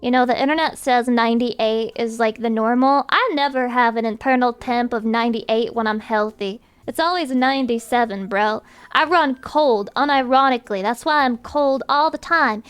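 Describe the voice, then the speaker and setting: A woman's voice: on the high side, normal speed, clean tone, soft background music. A woman streamer chatting casually with her viewers in a profane, rambling rant.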